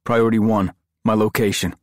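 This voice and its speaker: A man's voice: on the low side, level tone, a little fast, no echo, clean studio sound, voice pushed up, lightly acted. A man reading aloud, voicing a former priest who acts as a tense, protective mentor, firm and commanding. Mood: urgent.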